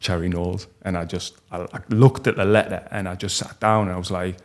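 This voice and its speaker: A man, telling a personal story as a podcast guest in a halting, heartfelt way with many restarts. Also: deep voice, fairly even intonation. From North East England. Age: 40s.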